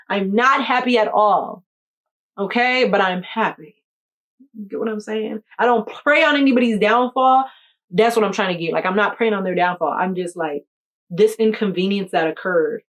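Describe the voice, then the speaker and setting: A young woman with a way of speaking, chatting through a storytime for her viewers. Her pitch sits in the middle of the range, and she talks lively and direct. She keeps checking in with the listener as she goes. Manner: animated, addresses the viewer directly with "you hear me?" and "okay, okay". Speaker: vlogger telling a story. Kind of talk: casual storytime chat.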